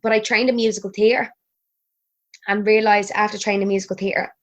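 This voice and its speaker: A woman's voice: mid-range voice, flat delivery, fairly quick. A woman in her thirties with an Irish accent, chatting as a podcast guest, laughing and swearing freely. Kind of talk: casual chat.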